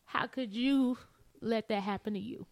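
A woman's voice: a little high, moderate pace. A young adult woman talking openly and emotionally in a casual conversation, laughing through tears. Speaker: podcast guest sharing her story.

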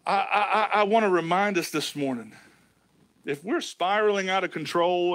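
Man, pastor, high tense voice, emphatic folksy sermon, dry close sound. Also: moderate pace, no room sound. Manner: emphatic, folksy preaching with swings from shouts to hushed lines. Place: church sanctuary.

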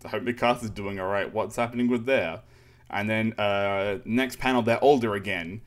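A man's voice: lowish voice, moderate pace. A man casually recapping a manga chapter on a podcast, rambling with fillers and sarcastic asides. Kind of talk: casual chat.

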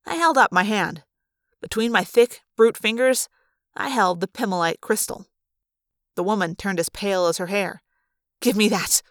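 A woman narrates a first-person adventure in a steady, expressive storytelling style. Her voice sits in the middle range. The recording is dry and close, with no room sound. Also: mid-range voice, moderate pace, no room sound. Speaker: audiobook narrator.

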